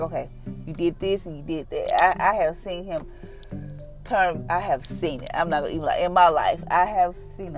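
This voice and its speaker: A woman, a mother, telling a personal faith story in a casual, conversational way with lots of retold dialogue, ending in an earnest prayer. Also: on the low side. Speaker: mother sharing a testimony.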